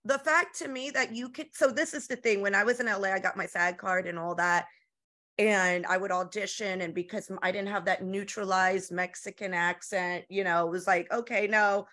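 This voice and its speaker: Give me a woman host with an East Coast accent, chatty and keen, quick to laugh. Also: medium pitch, fairly even intonation, bright, forceful tone. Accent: East Coast American. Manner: chatty and eager, laughs often. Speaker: comedy show host. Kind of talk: casual interview chat.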